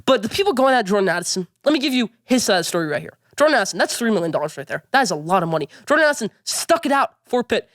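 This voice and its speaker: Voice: medium pitch, very animated, very fast, hardly any pauses, a bit bright, dry recording, clean studio sound. A sports vlogger giving opinionated commentary, rambling and repeating points as he goes.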